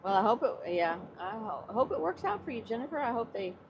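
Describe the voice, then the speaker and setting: A woman's voice: a little high, very animated, fairly quick, dull audio, background noise. A woman co-hosting a casual live stream from a moving car, reading viewers' comments aloud and answering them. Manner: reads out chat messages and replies warmly.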